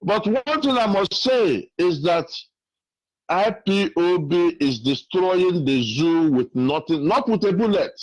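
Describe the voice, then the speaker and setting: Nigerian guy calling in on the phone, earnest, keeps repeating himself, slightly high voice. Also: animated, measured pace, a little mellow, dry recording, rough recording. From Nigeria (Imo State). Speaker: caller. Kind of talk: call-in testimony, storytelling. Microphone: phone call.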